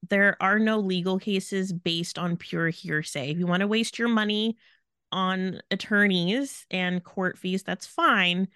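A woman's voice: medium pitch, fairly even intonation, measured pace, a bit bright, clean tone, no echo, clean studio sound. A woman co-hosting a podcast, talking frankly and emphatically in casual chat. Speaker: podcast co-host.

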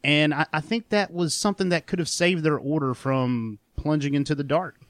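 A man's voice: fairly high pitch, moderate pace, no room sound. A man hosting a casual group chat, asking the others questions and musing along. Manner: inquisitive, prompts the others with questions. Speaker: podcast host.

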